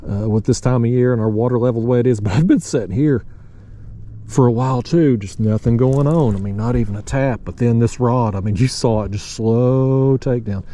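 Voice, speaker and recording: A man's voice: mid-range voice, fairly quick, dark tone. A man casually narrating to camera while fishing from a kayak on a river, drawling and folksy, calling his viewers y'all and buddy. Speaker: fishing vlogger.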